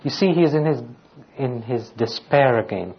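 A man's voice: medium pitch, lively intonation, moderate pace. Preaching man on a dull, lo-fi recording. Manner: reads scripture aloud and poses rhetorical questions. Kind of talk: sermon.

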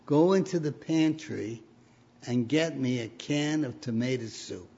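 A man voicing a patient mother who softly coaxes her son in a story told during a sermon. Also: mid-range voice, unhurried, creaky. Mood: coaxing. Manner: soft, reassuring. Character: patient, gently coaxing mother. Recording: dull lo-fi recording.

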